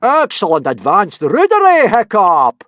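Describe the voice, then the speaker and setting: A man's voice: sits high, big pitch swings, moderate pace, fairly bright tone, no echo, voice pushed up, full character voice. A man voicing a huge male Viking teacher who bellows and roars at his class, in a storybook reading. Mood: roaring. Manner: bellowing, roaring.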